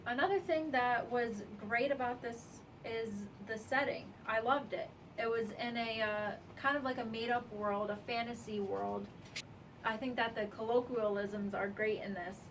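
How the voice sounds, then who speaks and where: A woman casually reviewing a comic, earnest and slightly halting. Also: a little high, steady tone, far from the mic, background noise.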